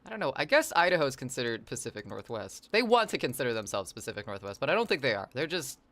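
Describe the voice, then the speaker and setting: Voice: medium pitch, big pitch swings, fast talker, a bit bright, no room sound. A chatty streamer talks loosely over a game, drifting from one story to the next. Chat messages get read out and answered along the way. Silly wordplay slips in between the tangents. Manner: rambling and chatty, reads chat aloud and answers it; playful wordplay and silly asides. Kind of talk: casual live-stream chat while gaming.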